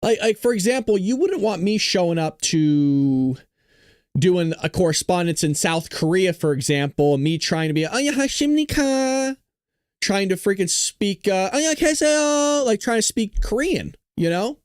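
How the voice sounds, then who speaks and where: A man's voice: high voice, moderate pace, no room sound, studio quality. A male show host giving casual live-stream commentary, rambling and joking with an exasperated edge.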